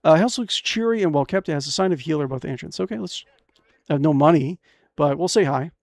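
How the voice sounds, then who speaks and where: High-voiced excitable young gamer. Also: male voice, fast, no echo. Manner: excitable, jokey, reads game text aloud with crude asides. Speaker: streamer. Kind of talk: casual gameplay commentary.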